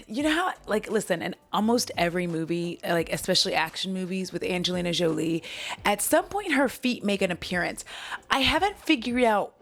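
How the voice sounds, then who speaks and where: A woman hosting a casual movie recap vlog, giggly and rambling, with plenty of swearing. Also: mid-range voice.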